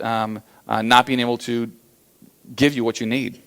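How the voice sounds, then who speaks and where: A man's voice: medium pitch, unhurried, clear, resonant tone. An American man giving a motivational business talk, telling stories with lots of fillers and acting out the quotes. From USA. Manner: animated storyteller acting out quotes, many fillers. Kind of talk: storytelling keynote talk.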